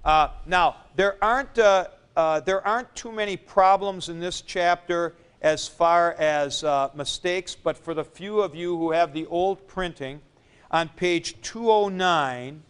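Guy lecturing a class, slow and smooth, lots of uh's, spells stuff out. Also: sits high, a bit bright. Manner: explanatory, spells out forms slowly with fillers. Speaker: teacher.

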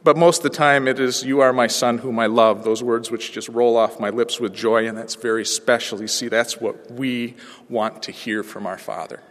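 A man's voice: medium pitch, fairly even intonation, moderate pace. Man preaching in an echoing hall. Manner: wide swings from hushed to ringing proclamation. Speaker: pastor. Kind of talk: sermon with personal storytelling. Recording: long reverb of a large hall.

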